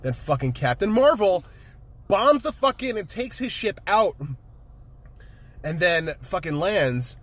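A man casually retelling a movie with excitement, swearing freely and laughing often. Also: high voice, slow, long pauses, no echo. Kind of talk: casual chat, movie recap.

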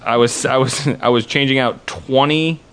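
A man's voice: mid-range voice, normal speed, fairly bright tone, clean tone. A man co-hosting a comedy podcast, joking around and swearing freely in casual banter. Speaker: podcast co-host.

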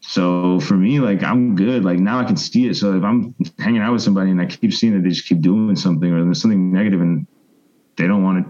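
Man, thirties, lowish voice, rambling interview guest on a slightly dull lo-fi recording. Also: fast talker. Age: 30s. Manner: rambling, animated storyteller, mimics voices. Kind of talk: casual storytelling interview.

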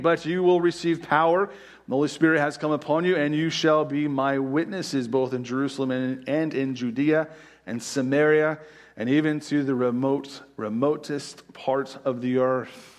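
Slowing down to stress important words, a male pastor sprinkles his sermon with frequent "right?" asides. His pitch runs on the high side.

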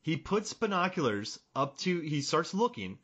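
A man in casual chat about a film, animated and laughing often as he retells scenes. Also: fairly high pitch, moderate pace, husky, muffled recording.

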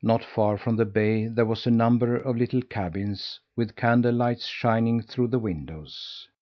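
A man reads a storybook aloud in a steady, measured way, his voice in the middle of the male range. The recording sounds dull and lo-fi. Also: mid-range voice. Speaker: audiobook narrator. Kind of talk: scripted storybook narration.

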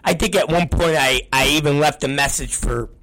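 A middle-aged man, a wrestling promoter, ranting on a talk show, swearing constantly and breaking into shouts. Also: a little high, moderate pace. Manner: profane, ranting, bursts into shouting.

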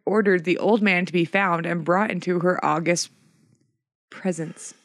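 A narrator reading a fairy tale aloud in a comic reading, mostly steady but stumbling over the odd word. The sound is dry and close, with no room echo. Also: mid-range voice, measured pace. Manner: reads steadily, stumbles on words.

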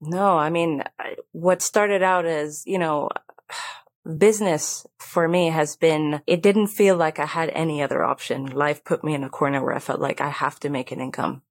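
A woman's voice: deep voice, steady tone, normal speed, no echo. A woman guest-hosting an interview, affirming and encouraging as she asks questions and agrees. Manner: warm affirming listener, encouraging. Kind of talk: conversational interview.

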